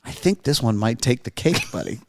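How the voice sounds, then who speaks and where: A man's voice: mid-range voice, animated, normal speed, no echo, clean studio sound. Sarcastic male podcast co-host. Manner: sarcastic, laughs often. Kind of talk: casual chat.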